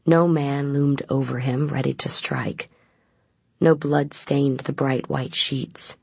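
Brief: audiobook narrator for a gothic tale, measured reading, gravelly texture, close and dry sound. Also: medium pitch, fairly even intonation, no echo. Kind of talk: scripted narration.

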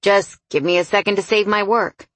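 A woman's voice: medium pitch, steady tone, normal speed, fairly bright tone, no echo, lightly acted. A sulky, guarded young man with a bitter, grudging edge to every line, as a woman reads him. He sounds close and dry, with no room around him. It comes across as a plain audiobook performance.

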